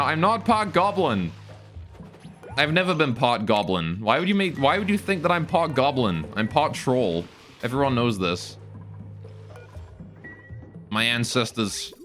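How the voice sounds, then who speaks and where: A male streamer chatting casually over his gameplay, cracking jokes with viewers. His voice swings up and down in a lively way, with faint game music underneath. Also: medium pitch. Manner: joking, chats with viewers while playing. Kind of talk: casual live-stream gaming chat.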